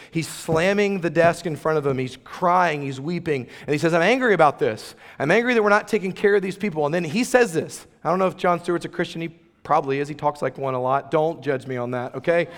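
A man preaching a sermon as pastor, conversational and emphatic, with playful asides to the room. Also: on the high side. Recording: long reverb of a large hall.

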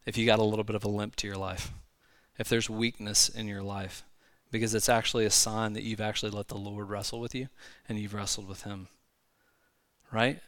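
A man preaching a sermon in a church, talking conversationally with frequent asides and quick restarts. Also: lowish voice, fairly bright tone, no echo. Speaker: pastor. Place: church sanctuary.

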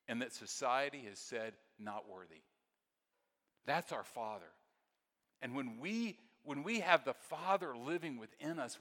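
A pastor delivers a sermon in a bright, forceful voice. He tells lively stories and then sinks into hushed, soft passages. The sound carries the long reverb of a large church hall. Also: mid-range voice. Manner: storytelling, swings from excited to very soft and hushed.

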